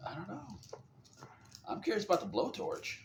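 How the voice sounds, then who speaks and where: A sarcastic male podcast host riffing on odd news stories, his pitch bouncing widely as he mocks them. His voice rings in a roomy space with a faint hum behind it. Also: very animated, moderate pace. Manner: sarcastic, joking, loud bursts of laughter. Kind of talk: casual comedic news chat.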